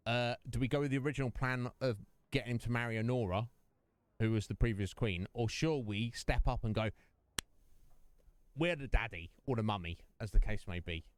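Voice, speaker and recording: A man's voice: mid-range voice, fairly quick, clean tone. A man hosting a casual game livestream, chatting and joking with viewers in a rambling way. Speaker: streamer and host. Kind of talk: casual livestream chat over gameplay.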